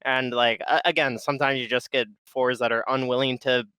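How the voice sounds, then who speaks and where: Bright-voiced, halting man co-hosting podcast. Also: medium pitch, flat delivery, clear, resonant tone, no room sound. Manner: halting, many restarts, frequent laughs. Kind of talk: casual podcast chat.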